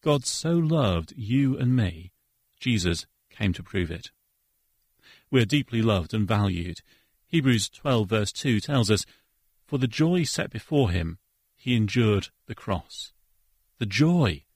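A man with a husky, lowish voice gives an earnest devotional talk for the radio. He speaks in a preacherly way and quotes verses, and the studio sound is dry. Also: sing-song, slow pace, darkish tone, dry recording. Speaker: radio co-host.

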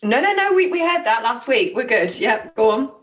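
A woman's voice: a little high, sing-song, moderate pace. A woman co-hosting a podcast, bantering playfully and frankly with her co-host. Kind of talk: casual chat.

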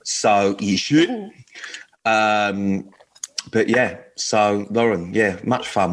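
A man's voice: lowish voice, expressive, extremely slow, slight background noise. A man co-hosting a radio dating show, chatting in a rambling, jokey way with lots of fillers and laughter. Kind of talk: casual chat.

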